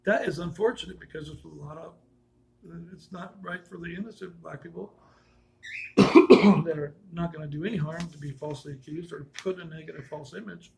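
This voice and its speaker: Gravelly, rambling man telling stories. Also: on the high side, a little fast, darkish tone, rough recording. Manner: rambling, with frequent restarts and self-corrections; chuckles while telling stories. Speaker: vlogger telling personal stories. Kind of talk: casual personal storytelling.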